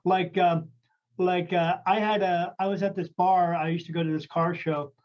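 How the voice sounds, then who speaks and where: High-voiced man telling a rambling story. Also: little pitch movement, normal speed. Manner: rambling, many fillers and restarts, acts out quoted voices. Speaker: podcast host, medium. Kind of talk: casual storytelling chat. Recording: dull lo-fi audio.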